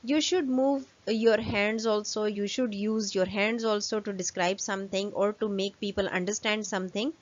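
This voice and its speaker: A woman lecturer, giving a fast recorded lesson full of "um" and "uh" fillers. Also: medium pitch, fairly even intonation, muffled recording.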